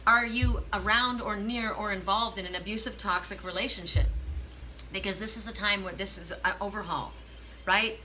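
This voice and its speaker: A woman's voice: mid-range voice, steady tone, moderate pace, sharp tone, slight background noise, poor audio. A middle-aged woman reading oracle cards for her viewers, speaking earnestly and directly to the listener with repeated, affirming phrases. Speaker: oracle card reader. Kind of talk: spiritual card reading to viewers.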